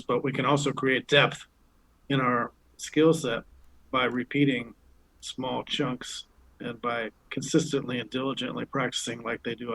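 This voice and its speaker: Man, mid-pitched, measured, podcast co-host, dry sound. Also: vocal fry, fairly bright tone, no echo, rough recording. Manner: measured, steers the talk back to the theme. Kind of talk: casual group discussion.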